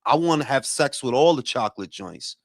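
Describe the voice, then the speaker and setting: A man who hosts a boxing talk livestream, chatting casually and profanely and giving shout-outs to his chat. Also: medium pitch, animated, fairly quick, gravelly, dry recording, clean studio sound. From Dominican heritage. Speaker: boxing talk show host.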